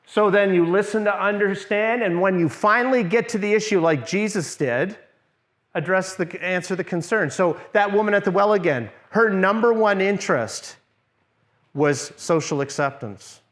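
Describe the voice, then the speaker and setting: A middle-aged man presenting a church workshop in a conversational teaching style. He often checks in with the group and drops into a soft, low voice to model what to say. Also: moderate pace.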